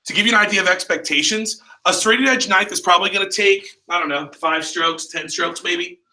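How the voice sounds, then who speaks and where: A man's voice: fairly high pitch, bright, forceful tone. A man leading a sales training session, talking with energy and quizzing his group with questions. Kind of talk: training seminar talk. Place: training room. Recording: echoey room, mic far off.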